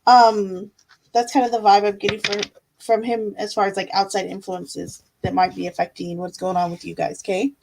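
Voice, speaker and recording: A woman's voice: medium pitch, little pitch movement, normal speed, gravelly, background noise. Chatty, affectionate woman tarot streamer. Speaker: tarot reader and live-stream host. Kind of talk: casual live-stream chat with tarot reading.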